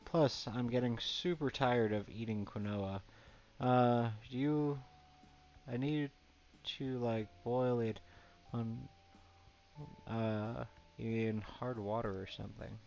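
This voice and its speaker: A man's voice: mid-range voice, steady tone, takes it slowly, creaky, darkish tone. A man reading the lines of an eager young woman model from a game, in his own plain voice. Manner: reading dialogue aloud plainly. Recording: dull lo-fi, faint game music.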